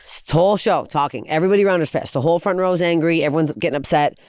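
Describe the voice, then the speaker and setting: Fast, profane woman comedian. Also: low voice, no echo, studio quality. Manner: profane, animated storytelling with acted-out quotes. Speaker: comedian guest. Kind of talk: casual podcast chat.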